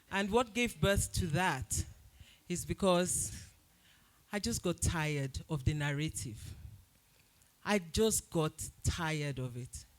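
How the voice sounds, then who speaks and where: A Nigerian woman speaking to an event audience as its host, telling a story with lively, loud acted-out quotes. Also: medium pitch. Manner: animated storytelling, acts out quotes loudly. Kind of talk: speech at a live event.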